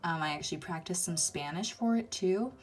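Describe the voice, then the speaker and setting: A woman's voice: lowish voice, brisk. A woman chatting casually about her unfinished toy videos, rambling with lots of ums and uhs. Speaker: toy-figure video maker. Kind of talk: casual chat.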